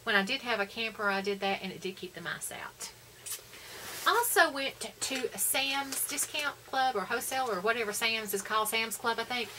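A woman's voice: mid-range voice, noisy background. A middle-aged woman, chatting casually and rambling through a shopping haul at home. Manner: chatty, rambling, many fillers. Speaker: vlogger.

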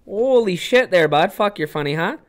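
A man putting on a loud, crude, middle-aged small-town man who mocks and swears. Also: high voice, lively intonation, moderate pace, voice pushed up. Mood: mocking. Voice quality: brash, swearing, mocking.

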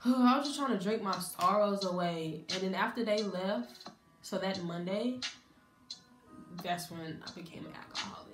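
A woman's voice: mid-range voice, echoey room. A young woman telling her college story in a candid, conversational way, acting out her family's lines as she goes. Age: young adult. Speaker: college student vlogger. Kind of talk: casual storytime.

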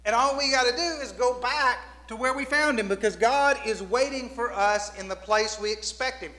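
A pastor delivers a sermon in a church sanctuary, telling stories and acting out the voices of the people in them. His voice is very high, bright and forceful, at a moderate pace. Long church reverb trails his words.

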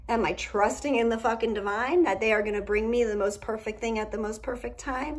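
A woman's voice: a little high, fairly quick, few pauses, husky. A woman giving a casual tarot reading at home, talking candidly and cursing freely. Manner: candid and profane, with emphatic asides. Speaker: tarot reader. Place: indoors at home.

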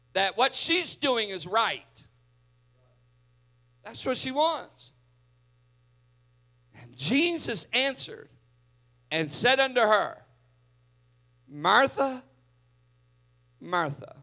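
A male pastor preaching a sermon in a church, dramatic, swinging from loud to hushed. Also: very high-pitched.

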